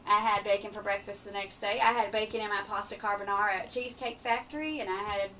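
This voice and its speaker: Young female guest, animated storyteller, sits back from the mic, faint background noise. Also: medium pitch, a little fast, far from the mic, low-quality recording. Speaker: guest, pageant winner. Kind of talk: casual radio interview.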